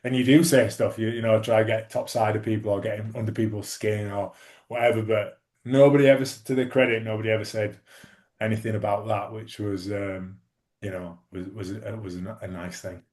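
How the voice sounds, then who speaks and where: A fairly low-pitched man, chatting as an interview guest. He tells long anecdotes in a relaxed, rambling way, full of fillers and restarts. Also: a little fast. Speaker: guest, former rugby league player. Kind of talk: casual interview storytelling.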